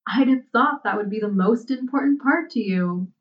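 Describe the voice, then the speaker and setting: A woman's voice: mid-range voice, steady tone, measured pace, far from the mic, lo-fi sound, lightly acted. A woman voicing a casual, prickly woman whose offhand talk turns cutting. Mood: mocking. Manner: offhand, then sarcastic and venomous.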